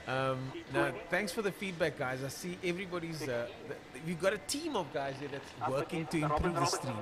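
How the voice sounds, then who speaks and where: Calling a drag racing event live on a stream, a man with a slightly higher-than-typical male voice talks loosely and thinks out loud. While he searches for drivers' names, easy chatter fills the pauses.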